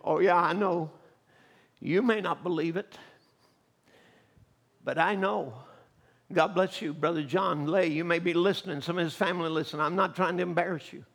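A male pastor preaches with a high, gravelly voice. His tone is bright and cutting. His sermon moves between soft, close storytelling and loud, impassioned calls to the congregation. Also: steady tone, moderate pace. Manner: swings from quiet storytelling to shouted fervor.

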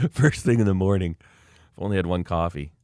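A man's voice: deep voice, darkish tone, no room sound, studio quality. A man in casual chat, telling a worked-up story and acting out the quoted lines, with many fillers. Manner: acts out quoted dialogue. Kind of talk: casual chat, ranting anecdote.

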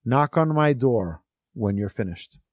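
A man's voice: medium pitch, lively intonation, unhurried, darkish tone, no room sound, studio quality. A man voicing a sly, cruel male miser who gives curt orders.

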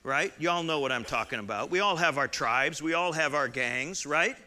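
Man preaching with bright, rising emphasis. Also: fairly high pitch, animated, moderate pace, slight background noise. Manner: builds to loud emphatic climaxes, then drops to quiet asides; conversational, with repeated restarts and folksy asides. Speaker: pastor. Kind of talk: sermon.

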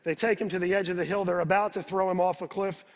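A man's voice: high voice, steady tone, fast talker. A male pastor preaching a sermon, retelling the scripture in his own words and repeating words as he builds each point. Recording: reverberant hall.

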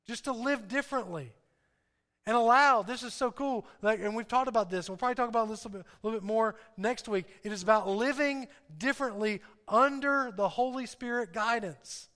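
High, bright-voiced preacher man. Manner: emphatic, asks the audience questions. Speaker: pastor. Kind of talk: sermon. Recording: reverberant hall.

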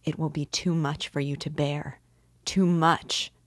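A woman's voice: low voice, steady tone, a little slow, no room sound, studio quality. A woman voicing a young anguished pleading woman. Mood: despairing. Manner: pleading, emotional outbursts.

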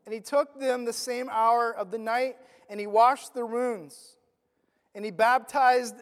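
A man preaching a sermon. He retells a story in an animated, conversational way, full of "like" fillers. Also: very high voice, unhurried, in a large hall.

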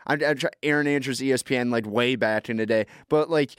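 A man's voice: medium pitch, fast, smooth, no room sound. A man riffing about college basketball in loose, filler-heavy chat. He jumps into playful impressions of coaches and commentators mid-sentence. The sound is dry and close. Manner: animated, acts out quotes, many fillers. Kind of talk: casual sports chat.

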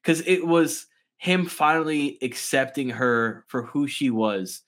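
A man's voice: medium pitch, slow pace, a bit bright. A man who is a guest on a podcast, chatting casually, earnest and enthusiastic, often agreeing. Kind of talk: casual review chat.

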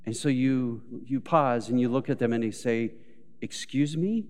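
A male pastor with a medium-pitched, level, clean and slightly mellow voice preaches at a moderate pace during a live service. He tells everyday stories, acts out quoted speech, and rises to emphatic peaks before settling again, all recorded in a church sanctuary with long hall reverb.

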